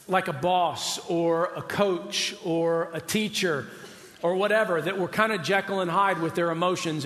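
Speaking in a high, fairly bright voice, a man preaches in a large hall. This pastor keeps his sermon conversational, regularly asking the congregation questions.

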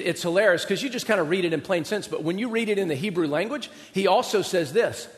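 A man preaching a sermon in an animated, conversational storytelling manner, recorded in a church sanctuary. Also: high-pitched, fast talker, few pauses. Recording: reverberant hall.

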